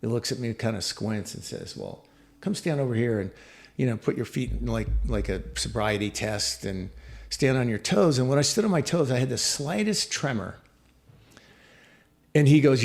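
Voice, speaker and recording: A middle-aged man with a gravelly, creaky voice recounts a personal story as a podcast guest. He speaks reflectively, pausing often with fillers and restarting his sentences. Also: medium pitch, lively intonation, a little mellow.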